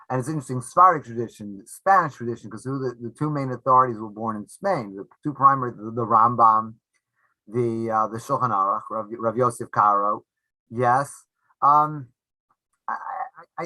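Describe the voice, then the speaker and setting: A man with a very bright, forward voice talks through an interview, often stopping and restarting. He sounds dry and close, with no room around him. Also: mid-range voice, dry recording, poor audio. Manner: halting, many restarts, laughs often. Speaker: rabbi and author being interviewed. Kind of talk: conversational interview answers.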